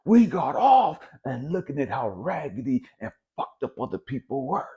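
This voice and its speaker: A man's voice: medium pitch, sing-song, moderate pace, dark tone, breathy edge. A man giving a blunt, profane spiritual motivational monologue, repeating his points for emphasis. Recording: dull lo-fi recording.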